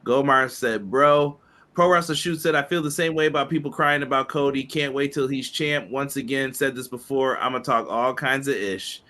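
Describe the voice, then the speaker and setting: Relaxed man reading out chat comments. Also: mid-range voice, normal speed. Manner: relaxed, reads viewer comments aloud, chuckling. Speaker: podcast co-host reading chat. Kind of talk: casual podcast chat.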